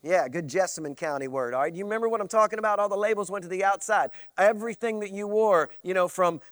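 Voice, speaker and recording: A man preaching an animated sermon, his voice sitting high. He swings from loud emphasis to hushed asides and slips into mocking voices. The sound is close and dry. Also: quick pace, no room sound. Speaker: pastor.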